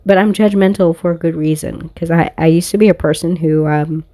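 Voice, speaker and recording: Woman tarot reader, phone-recorded rant, lowish voice, confrontational and profane, dry. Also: fairly even intonation, brisk, dark tone, no echo. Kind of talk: casual tarot reading monologue.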